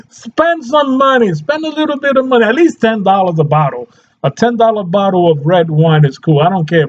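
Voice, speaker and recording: A man's voice: sits high, dull audio. A man talking casually as a nutrition coach, chatty, laughing often and checking in with his listeners as he goes. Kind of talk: casual health talk to camera.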